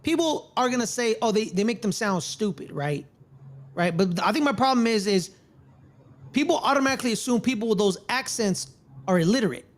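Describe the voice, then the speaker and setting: A woman's voice: fairly high pitch, animated, brisk. A woman co-hosting a casual movie review podcast, pressing her point insistently in a friendly debate. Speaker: podcast co-host.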